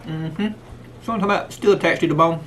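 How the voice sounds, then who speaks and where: A man's voice: a little high, fast, a bit bright, a little hiss or hum. A man hosting a casual cooking vlog, talking folksy and sometimes with food in his mouth. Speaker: cooking channel host. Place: outdoors in the rain, then indoors.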